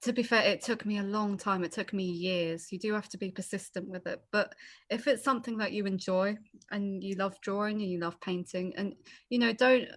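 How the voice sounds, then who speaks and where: Relaxed young woman guest, encouraging. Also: mid-range voice, normal speed. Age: young adult. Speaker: guest artist. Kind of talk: casual interview chat.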